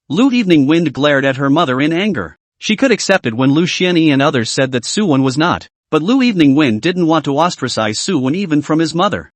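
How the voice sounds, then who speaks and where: A man's voice: fairly high pitch, big pitch swings, fairly quick, few pauses, dry recording. A man narrating a comic story recap, reading every part in much the same voice.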